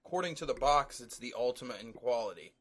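A man's voice: mid-range voice, lively intonation, fast, fairly bright tone. A man co-hosting a podcast in loose, joking casual chat, swearing freely. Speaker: podcast co-host.

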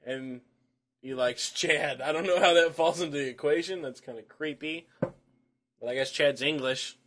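A man's voice: fairly high pitch, moderate pace, fairly bright tone. A man co-hosting a casual podcast, teasing his partner with crude jokes and frequent laughter. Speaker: podcast co-host. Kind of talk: casual chat.

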